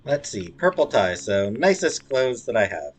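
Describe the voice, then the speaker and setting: A man at a medium pitch reads game dialogue aloud in character voices at a moderate pace, his delivery sing-song and slightly rough. Between the lines he reads, he makes playful jokes, let's-play style.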